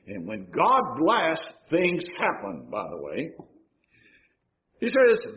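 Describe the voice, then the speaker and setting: A fairly high-voiced man, preaching in a church. His pitch climbs and drops sharply as he presses each point. The recording sounds dull and lo-fi. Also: wildly swooping pitch, a little hiss or hum. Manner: preaching with rising and falling emphasis, halting restarts. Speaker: pastor. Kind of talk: sermon. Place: church sanctuary.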